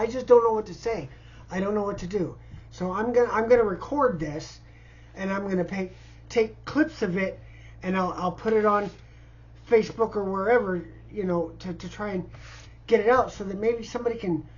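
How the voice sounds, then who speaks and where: A man's voice: high-pitched, muffled recording. Stammering, distressed man in his fifties. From Indiana, US. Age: 50s. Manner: halting, stammering, repeats words. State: distressed and overwhelmed. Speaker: vlogger asking for help. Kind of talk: unscripted personal appeal. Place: cluttered house, indoors.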